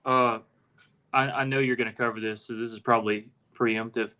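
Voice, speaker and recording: A man's voice: medium pitch, fairly even intonation, moderate pace, bright, forceful tone. A male student asking tentative, polite questions in a class.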